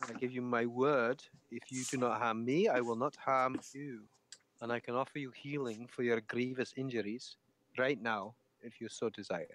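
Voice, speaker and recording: A man voicing an earnest paladin who formally offers peace and healing in a courteous, measured way. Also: mid-range voice, steady tone, a bit bright, slight background noise, natural voice. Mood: solemn.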